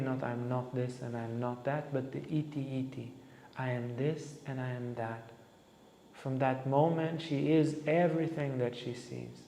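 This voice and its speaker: Amid echoey hall reverb and slight hiss or hum, a mid-range male voice belongs to a spiritual teacher telling a story. He delivers it animatedly, acting out the quoted lines.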